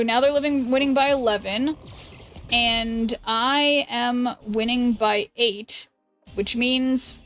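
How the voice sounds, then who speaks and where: A woman's voice: fairly high pitch, a bit bright. Woman streamer thinking aloud. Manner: thinks aloud, halting restarts, chats with viewers. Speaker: streamer playing a card game. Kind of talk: casual live-stream commentary.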